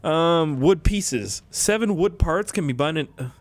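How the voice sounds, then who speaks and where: A man's voice: on the high side, animated, slow, no echo. Chatty young Canadian man gaming. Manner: chatty, joking, self-mocking asides. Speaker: gaming YouTuber. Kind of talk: let's play commentary.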